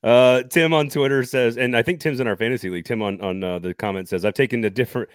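A man's voice: medium pitch, no room sound. A man co-hosting a live sports podcast, joking, laughing often and rattling off sponsor reads. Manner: jokey, laughs often, fast sponsor patter. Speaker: podcast co-host.

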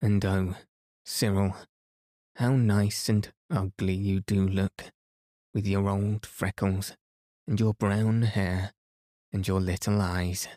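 A man's voice: fairly low pitch, flat delivery, slow pace, pauses often, warm tone, no room sound, studio quality. A man voicing an earnest young girl in a storybook reading. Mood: relieved. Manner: pleading, earnest.

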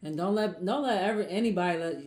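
A woman's voice: fairly low pitch, quick pace, darkish tone. A woman who is a podcast guest, chatting casually, agreeing often, and giving encouragement. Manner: agreeable, encouraging, short affirmations. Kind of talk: casual conversation. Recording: echoey room.

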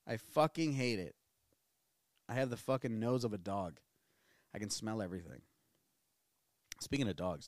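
A man's voice: on the low side, normal speed, long pauses, dry recording, studio quality. A man from the New area, hosting a casual solo podcast and rambling candidly with plenty of profanity. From New Orleans area. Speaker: podcast host.

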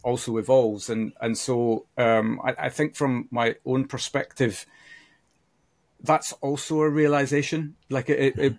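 A man in his fifties talks reflectively as a podcast guest. His voice sits at an ordinary middle pitch. He speaks haltingly, often restarting his sentences as he works out what he means. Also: steady tone. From United Kingdom. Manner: thoughtful, halting, with many restarts. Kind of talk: reflective conversation.

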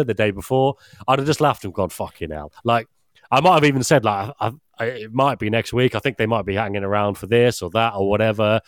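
A young man tells a story in loose, rambling podcast chat. His voice sits low, with a dry, close recording. He swears casually as he talks. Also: no room sound. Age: young adult. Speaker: podcast regular.

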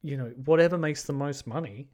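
A man hosting a podcast alone, chatting casually and excitably about wrestling, with plenty of swearing, fillers and restarts. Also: on the high side, a little fast. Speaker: podcast host. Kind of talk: casual solo podcast chat.

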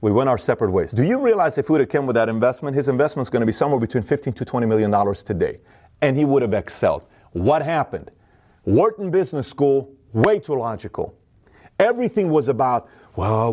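A middle-aged man giving a motivational talk, energetic and repetitive, acting out the voices of people in his stories. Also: mid-range voice, fast talker. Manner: energetic, acts out quoted voices, repeats himself. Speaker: motivational speaker. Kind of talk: fast motivational monologue to camera.

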